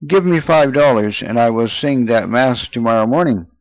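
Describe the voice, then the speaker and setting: A man's voice: expressive, normal speed, dry recording, lightly acted, low-quality recording. A man reading as a cold, curt parish priest. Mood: unfeeling. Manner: high, unfeeling, curt. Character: hard-hearted older male parish priest.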